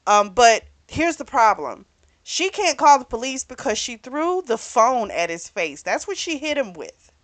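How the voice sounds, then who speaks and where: A woman's voice: a little high, very animated, measured pace, a bit bright. A young woman giving a casual book review, chatty and often laughing, with little asides as she retells the story.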